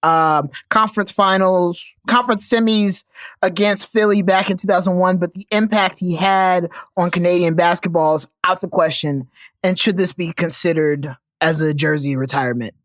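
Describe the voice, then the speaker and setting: A man reading listener questions aloud on a sports podcast, slow and deliberate with playful asides. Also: high voice, fairly even intonation, fairly bright tone, no room sound.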